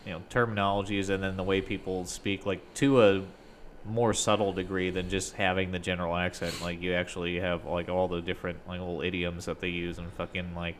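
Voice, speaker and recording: Low-voiced man with a faint room hum. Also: little pitch movement, brisk. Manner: profane, loose and digressive. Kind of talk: casual chat.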